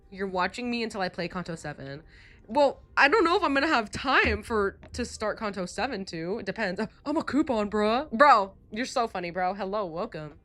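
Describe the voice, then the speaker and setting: A woman streamer chatting casually and excitably with slang while playing a game live. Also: mid-range voice, moderate pace. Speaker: gaming streamer.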